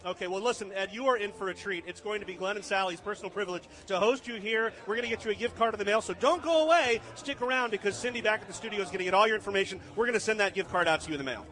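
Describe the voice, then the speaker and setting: A man's voice: high-pitched, very fast, hardly any pauses, sharp tone. A man hosting a live food radio show on location, joking and enthusiastic with his guests. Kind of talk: live remote radio broadcast.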